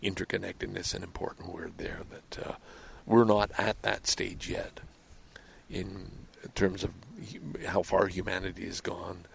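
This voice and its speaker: Gravelly man, rambling and heated. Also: sits low, little pitch movement, measured pace. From Canada. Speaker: vlogger. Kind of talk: outdoor monologue to camera. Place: outdoors by a lake.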